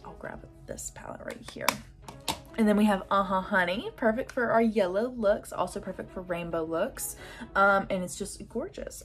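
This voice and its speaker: A young woman, chatting eagerly about her makeup palettes in a casual vlog. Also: medium pitch. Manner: gushing, chatty, lots of "like" and "oh my God". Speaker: beauty vlogger. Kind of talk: casual makeup collection chat.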